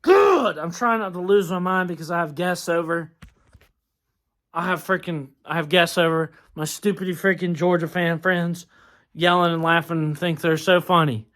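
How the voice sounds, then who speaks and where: A man's voice: on the high side, little pitch movement, normal speed, bright, forceful tone. A young man venting in a halftime rant, exasperated and swearing often. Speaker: sports vlogger.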